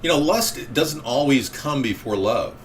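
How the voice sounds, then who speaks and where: A man's voice: medium pitch, animated, unhurried, noisy background. A man hosting a casual call-in talk show, rambling and reacting to callers and chat.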